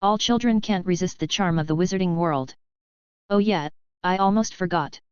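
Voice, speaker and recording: A woman voicing a playful, wise old male wizard headmaster, speaking slowly and in a teasing tone. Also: on the low side, clean tone, no room sound, natural voice. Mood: wry, gentle. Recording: dull, lo-fi, dry.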